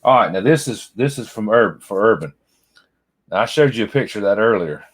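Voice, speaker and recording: Rambling low-voiced man. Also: lively intonation, fairly quick. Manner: rambling, folksy, talks to viewers by name. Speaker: vlogger. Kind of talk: casual chat while unboxing.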